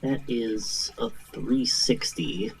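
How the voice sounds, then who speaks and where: A man in casual conversation, matter-of-fact and quick to correct. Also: medium pitch, expressive, gravelly, slight background noise, poor audio. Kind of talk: casual chat.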